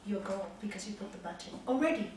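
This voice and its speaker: A woman meditation teacher giving a spiritual talk with stories to a small group, swinging between loud emphasis and soft, hushed asides. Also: medium pitch, expressive, quick pace. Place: meditation centre room with a group. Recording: echoey room, voice from a distance, faint hiss.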